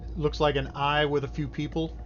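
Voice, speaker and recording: A man's voice: a little high, little pitch movement, brisk, a bit bright. A man narrating casually as game master of a tabletop game. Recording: slightly dull, faint noise.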